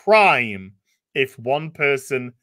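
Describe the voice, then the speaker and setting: Male live-stream co-host reading super chats: bright, forward tone, loose and profane. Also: mid-range voice, very slow. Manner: profane, laughing, animated. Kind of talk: casual live-stream chat.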